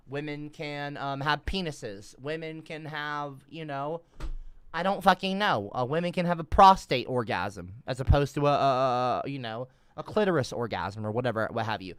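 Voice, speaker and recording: A man gives rambling, sarcastic livestream commentary, swearing often and trailing off mid-sentence while lurching between mumbles and loud outbursts. His mid-range voice is clear and resonant, with no echo.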